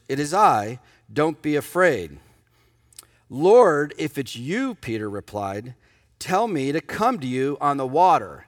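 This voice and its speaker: Male pastor, lively sermon delivery, close dry sound, casual asides between scripture. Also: medium pitch, dry recording. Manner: animated, conversational preaching with asides.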